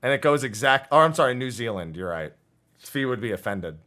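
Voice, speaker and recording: A joking, chatty man with a New Jersey accent, his pitch rising and falling a lot as he talks. He laughs easily and keeps the conversation loose, like a host among friends. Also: brisk. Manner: animated, joking, laughs often. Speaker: podcast host. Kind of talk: casual chat.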